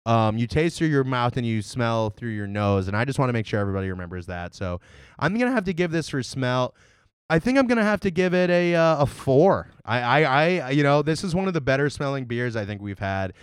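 A man co-hosting a comedic beer review podcast, rambling in deadpan jokes. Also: mid-range voice, a little fast, smooth, dry recording, studio quality. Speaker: podcast co-host.

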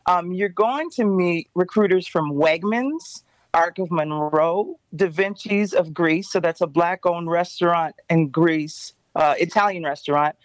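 A woman appearing as a guest on a morning radio show, explaining the details of an event in a steady, informative way. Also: fairly low pitch, a little slow, hardly any pauses, no echo. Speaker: radio show guest, job fair organizer. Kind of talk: casual radio interview.

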